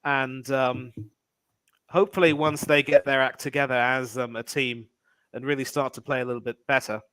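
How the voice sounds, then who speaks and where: A man talking as a guest on a sports chat, giving measured analysis hedged with fillers. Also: medium pitch, steady tone, pushed and bright, smooth, dry recording, low-quality recording. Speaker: guest cricket commentator. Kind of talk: casual sports podcast chat.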